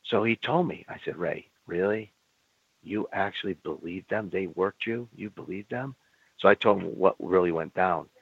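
Older man, very low voice, blunt, swears, re-enacts dialogue, dry thin phone sound. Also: slightly rough, dry recording, narrow, tinny audio. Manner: blunt, swears, acts out dialogue in quick back-and-forth. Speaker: guest, former pro wrestler. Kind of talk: candid storytelling in an interview.

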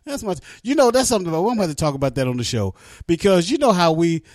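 Man, podcast co-host, animated and profane, a bit high-pitched, dry close sound. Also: racing, no room sound. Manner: animated, laughing, swearing banter. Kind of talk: casual chat.

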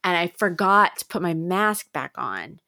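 A woman co-hosts a comedy podcast. She tells her stories in a chatty, lively way and gets more animated as she retells them. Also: lowish voice, unhurried, no room sound, studio quality. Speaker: podcast co-host. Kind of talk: casual comedy podcast chat.

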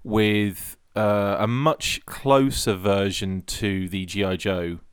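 Low-voiced man, rambling podcast chat. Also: steady tone, takes it slowly, clear, resonant tone, no room sound, clean studio sound. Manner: rambling, restarts sentences, laughs often. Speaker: podcast co-host. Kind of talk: casual hobby podcast chat.

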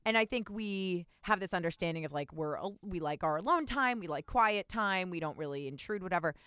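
Smooth-voiced woman telling animated stories. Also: fairly quick, no echo, studio quality. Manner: animated storytelling, jumps high when indignant. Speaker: podcast co-host. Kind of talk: casual chat.

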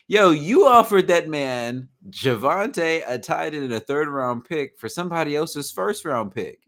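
Slow, animated man bantering. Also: mid-range voice. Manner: drawling, laughs and teases. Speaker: podcast co-host. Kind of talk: casual sports podcast banter.

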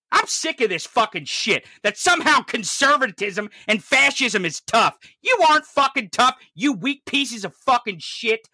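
A commentator delivering an angry, profanity-heavy political rant, swinging from low growls to shouts. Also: no echo, clean studio sound.

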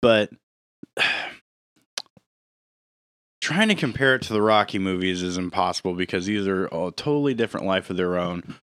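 A man co-hosting a podcast in casual chat, pausing and searching for his words. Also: low voice, lively intonation, a bit bright, dry recording, studio quality. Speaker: podcast co-host.

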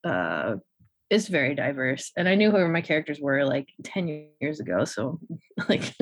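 A woman guest talking about her novels in a bubbly, casual way, dotted with giggles and fillers. Her voice sits a little low and sounds dry and close to the mic. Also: very animated, normal speed, husky, dry recording. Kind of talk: casual conversational interview.

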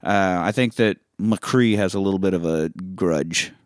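A man hosting a casual film podcast, retelling scenes with animated energy and plenty of swearing. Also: low-pitched, a little slow, dry recording, clean studio sound. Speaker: podcast host.

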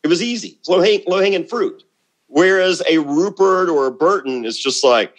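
This middle-aged man, a former reality show contestant, is a guest on a podcast, chatting in a casual interview. His voice is fairly high and unhurried, and he comes across as blunt and boastful, often repeating words as he starts a thought.

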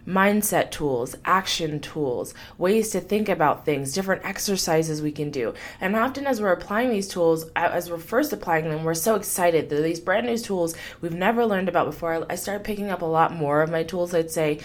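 A woman's voice: fairly low pitch, moderate pace, few pauses. Upbeat, chatty woman podcast host. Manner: upbeat, chatty, warm enthusiasm with frequent laughs. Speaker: podcast host and life coach. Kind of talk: motivational podcast monologue.

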